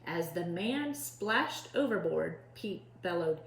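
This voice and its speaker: A woman teacher reading a storybook aloud to children with expressive storytelling. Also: lowish voice, measured pace. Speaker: preschool teacher. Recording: echoey room.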